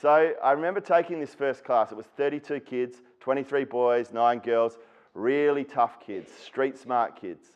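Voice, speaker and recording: An Australian man speaks at an education symposium, telling a personal story in an earnest, straightforward way. His voice sits at an ordinary pitch for a man. The recording sounds somewhat dull and lo-fi. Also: measured pace, smooth. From Western Australia. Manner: earnest storyteller who acts out quoted people. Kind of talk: personal storytelling keynote talk.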